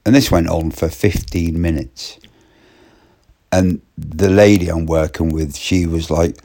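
Slow, deep-voiced man telling stories. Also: fairly even intonation, dark tone. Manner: rambling, repetitive restarts. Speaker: storyteller. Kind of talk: casual storytelling monologue.

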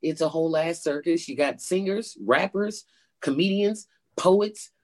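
A woman comedian being interviewed, telling a story in an animated way and acting out quoted voices with big pitch jumps. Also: unhurried. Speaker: stand-up comedian, guest.

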